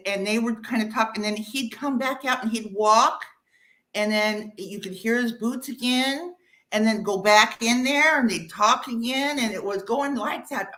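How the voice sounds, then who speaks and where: A middle-aged woman recounting a spooky night in relaxed, casual storytelling. She is animated and laughs easily, dropping her voice low when she quotes the voices she heard. Her pitch sits in an ordinary middle range. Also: rough recording. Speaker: guest caller.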